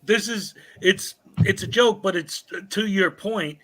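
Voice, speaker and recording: A man's voice: high voice, slow pace, a bit bright. A man co-hosting a casual talk show, telling chatty anecdotes. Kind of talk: casual chat.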